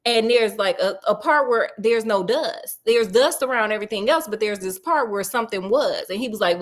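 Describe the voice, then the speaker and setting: A woman casually retelling a story with sassy, slangy remarks and deadpan asides. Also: mid-range voice, normal speed, few pauses.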